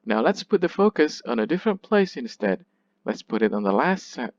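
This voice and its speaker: A man's voice: medium pitch, big pitch swings, brisk, no room sound, dull audio. A man teaching a literature class, explaining patiently, often checking in with his listeners and correcting himself as he goes. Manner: hesitant, with restarts and self-corrections. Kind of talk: recorded lecture.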